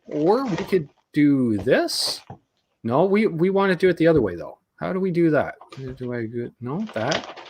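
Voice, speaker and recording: Canadian man as a live-stream host, lively up-and-down delivery, jokey and animated. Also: a little high, slight background noise. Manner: animated, jokey, quick asides. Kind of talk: casual live-stream chat.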